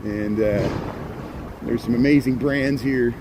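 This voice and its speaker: A man with a medium-pitched, steady voice talks slowly as he walks through city streets, giving rambling, chatty commentary with sarcastic asides. He's a walking tour vlogger doing a casual live stream, filmed on a handheld phone. Street noise and passing traffic fill the background.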